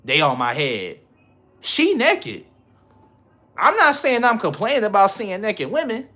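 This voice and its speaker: Male livestreamer, bright ringing voice, casual rambling slang. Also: sits high, big pitch swings, normal speed. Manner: rambling, slangy, laughs often.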